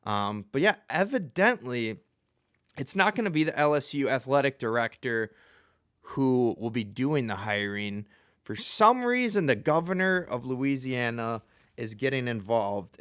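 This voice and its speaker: A man hosts a casual sports talk show in a rambling, self-deprecating way, often chuckling mid-sentence. His voice sits at an ordinary middle pitch and has a smooth, resonant tone. It is recorded dry and close, with no room sound. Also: a bit bright, no echo.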